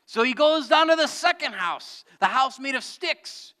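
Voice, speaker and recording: A man's voice: extremely high pitch, animated, measured pace, pushed and bright, big-room sound. A man preaching a sermon as pastor, telling a story and calling out to the congregation for answers. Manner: storytelling with audience call-and-response. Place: church sanctuary.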